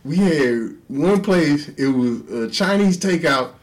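A man's voice: a little high, animated, takes it slowly. A man, hosting a podcast and telling profane stories in a casual chat, laughing often. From Houston, Texas. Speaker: podcast host.

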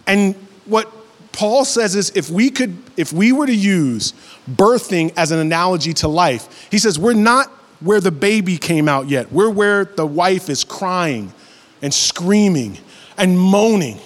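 A man in his thirties preaching a sermon, who builds to high, animated passages and acts out voices in his stories. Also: unhurried, in a large hall. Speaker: pastor.

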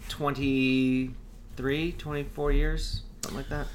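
A man's voice: medium pitch, little pitch movement, takes it slowly. A man in his forties, a podcast co-host, telling a rambling, self-correcting story in casual chat.

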